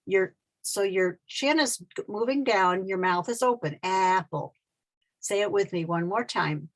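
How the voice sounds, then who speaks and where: A woman teaching short vowel sounds in a slow, patient way, repeating each sound for the learner. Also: mid-range voice. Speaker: literacy teacher. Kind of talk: slow pronunciation lesson.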